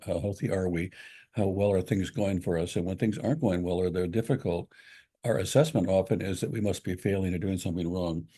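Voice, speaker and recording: Low, husky man telling a story. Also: warm tone. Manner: measured storytelling with many restarts. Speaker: spiritual talk co-host. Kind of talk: reflective spiritual talk.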